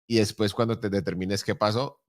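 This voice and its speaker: A middle-aged man hosting a relaxed conversation, asking questions and often repeating words as he searches for the next one. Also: lowish voice, quick pace, dry recording, clean studio sound. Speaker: show host. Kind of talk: conversational interview in Spanish.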